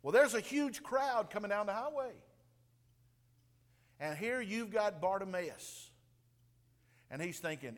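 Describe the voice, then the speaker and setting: A man preaching a sermon with animated delivery, dropping to a hush and then booming out. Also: slow, pauses often. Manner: animated, swings from hushed to booming. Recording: long reverb of a large room.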